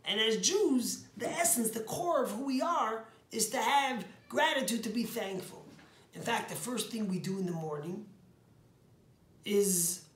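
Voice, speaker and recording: Earnest rabbi preaching in an echoey room. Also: male voice, sits high, expressive, unhurried, fairly bright tone, faint music behind. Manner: earnest storytelling, emphatic on key words. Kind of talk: short inspirational sermon.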